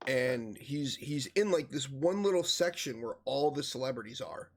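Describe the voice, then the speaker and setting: A man with a mid-range voice, speaking at normal speed, hosts a gaming podcast. He tells stories in casual, profane chat, animated throughout.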